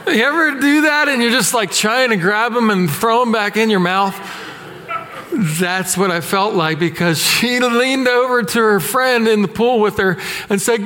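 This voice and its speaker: A man preaching a sermon, telling self-deprecating stories in an animated way. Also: high-pitched, moderate pace, big-room sound. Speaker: pastor.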